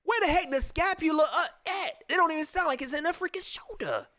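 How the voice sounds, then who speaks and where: A man ranting in casual slang about football, repeating his points with animated emphasis. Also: extremely high pitch, fairly quick, no room sound. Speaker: sports vlogger. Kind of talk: casual sports rant.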